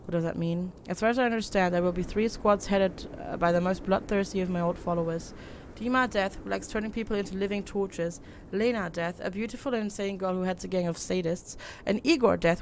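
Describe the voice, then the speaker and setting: A woman's voice: mid-range voice, brisk, a little hiss or hum. A young woman hosting a game playthrough, reading the characters' lines in her own voice with fillers and casual asides. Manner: reads flatly with fillers and asides, laughs at herself. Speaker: let's play host. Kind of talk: reading game dialogue aloud and commenting.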